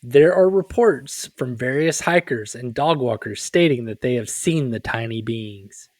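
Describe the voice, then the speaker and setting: A man's voice: medium pitch, lively intonation, unhurried, darkish tone, no room sound, clean studio sound. A man co-hosting a casual podcast, chatting in a joking way with goofy asides and frequent laughs. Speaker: podcast co-host. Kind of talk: casual chat.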